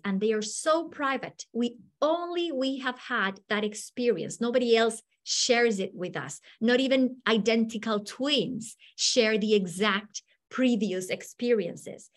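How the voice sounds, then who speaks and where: Lady teaching teachers, animated storyteller, voice jumps all over, kinda high. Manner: animated, acts out the people in her stories. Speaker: teacher trainer. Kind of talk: storytelling lecture.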